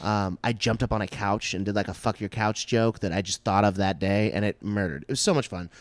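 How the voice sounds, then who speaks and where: A man's voice: lowish voice, no room sound. A man co-hosting a comedy podcast, telling crude, rambling stories and often breaking into laughter. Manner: rambling, crude storytelling, quick bursts of laughter. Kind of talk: casual chat.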